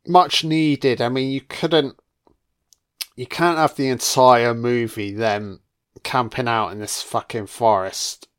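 A man's voice: mid-range voice, fairly even intonation, slow pace, clean tone. A man giving profane, sardonic film commentary, full of swearing and mocking asides on a close microphone.

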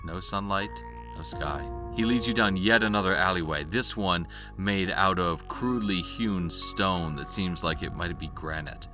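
Low-voiced guy running a tabletop game, lots of ums, quiet music behind. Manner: descriptive, with fillers like uh and um. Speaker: game master.

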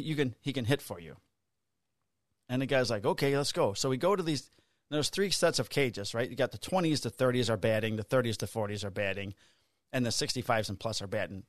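A man's voice: mid-range voice, no room sound, studio quality. A man in his fifties, a podcast co-host, telling a long casual story with swearing and acted-out dialogue. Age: 50s. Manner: profane, animated storyteller acting out dialogue.

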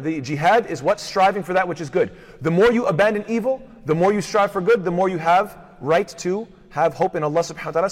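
A man teaching a lesson on hadith, rapidly reciting Arabic passages, then explaining them and posing rhetorical questions to his listeners. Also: fairly high pitch. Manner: poses rhetorical questions to the class. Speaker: Islamic studies teacher. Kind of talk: lecture on hadith. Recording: long hall reverb.

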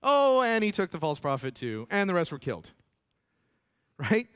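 A man preaching a sermon as pastor, animated and often repeating words. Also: high-pitched, moderate pace, clear, resonant tone.

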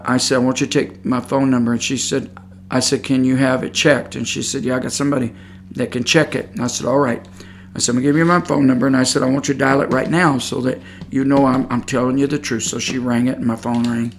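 A middle-aged man preaching, telling a personal story in a calm, earnest, conversational way with many fillers and restarts. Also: medium pitch, vocal fry, slight background noise. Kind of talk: sermon storytelling.

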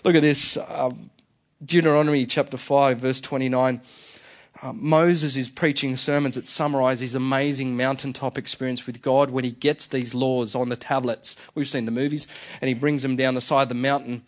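A man's voice: mid-range voice, steady tone, moderate pace. A male senior pastor giving a sermon in a conversational way, often restarting his phrases. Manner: conversational, with frequent fillers and restarts.

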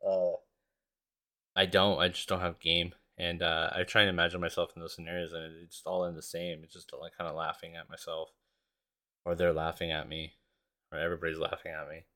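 A low-voiced man with a bright, forceful edge talks through a relaxed solo podcast. He swears freely, pokes fun at himself and laughs a lot. His sentences restart and wander as he goes. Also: fairly quick. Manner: profane, self-mocking, laughs often; rambling with restarts. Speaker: podcast host. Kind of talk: casual solo podcast chat.

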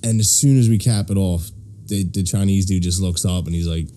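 A man's voice: deep voice, a little fast, mellow. A young man from Philadelphia, hosting a casual podcast, telling rambling work stories full of swearing and acted-out quotes. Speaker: podcast host. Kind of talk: casual chat, storytelling.

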